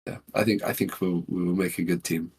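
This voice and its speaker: A man's voice: deep voice, fairly even intonation, brisk, gravelly, a little mellow, husky. A man playing a tabletop game, chatting casually with hesitant restarts. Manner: hesitant, stammering, laughing often. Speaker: player. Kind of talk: casual chat.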